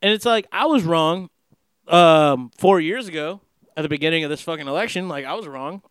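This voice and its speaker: Young man, casual profane monologue, filler-heavy, high-pitched, dry close mic. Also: a little fast, a bit bright, smooth, dry recording. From Los Angeles area. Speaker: podcast host.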